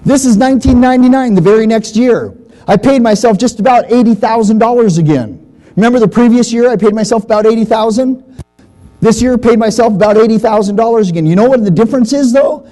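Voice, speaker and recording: High mellow-voiced guy talking to a seminar crowd, folksy storyteller vibe. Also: quick pace, rough recording. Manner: storytelling, animated, acts out dialogue; folksy, repeats for emphasis. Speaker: seminar speaker. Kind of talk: live seminar talk to an audience.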